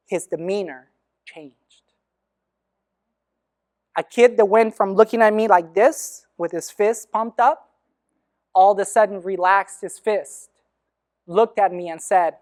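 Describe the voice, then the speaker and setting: A man in his thirties giving a talk, telling a personal story with animated, laughing delivery and acted-out dialogue. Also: sits high, unhurried, pauses often. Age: 30s. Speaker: speaker on after-school programs.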